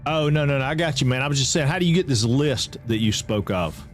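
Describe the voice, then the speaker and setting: A man's voice: medium pitch, lively intonation, fast, soft background music. A man from Georgia, chatting casually with viewers while streaming a game and often repeating himself. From Atlanta, Georgia.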